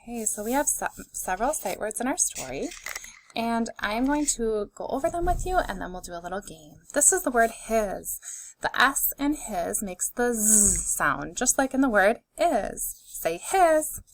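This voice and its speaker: A woman teaching a phonics lesson to young children, sounding out words slowly and clearly and encouraging them. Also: a little high, big pitch swings, slight background noise.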